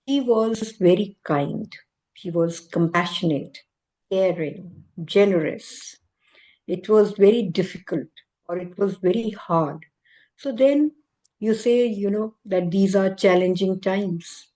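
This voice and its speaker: A woman tutoring English exam vocabulary, slowly listing one example word after another. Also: lowish voice, mellow, low-quality recording. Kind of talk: vocabulary lesson.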